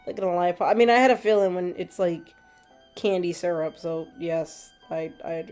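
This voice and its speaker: A woman's voice: fairly low pitch, fairly even intonation, moderate pace, a little mellow. Chatty woman streamer with faint music. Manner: chatty, laughs often, reads chat aloud. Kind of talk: casual gameplay commentary. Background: faint background music.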